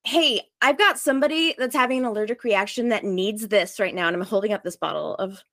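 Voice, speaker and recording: A woman telling a story in casual chat, fast and lively, full of likes, acting out what others said. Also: medium pitch, no room sound, clean studio sound. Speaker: storyteller guest.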